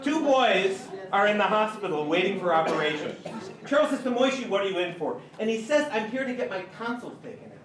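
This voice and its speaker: A man leading a live joke contest, telling jokes in an animated way and laughing at his own punchlines. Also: sits high, brisk, a crowd in the background. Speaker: session leader running a joke contest. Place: large conference hall. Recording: echoey hall, distant mic.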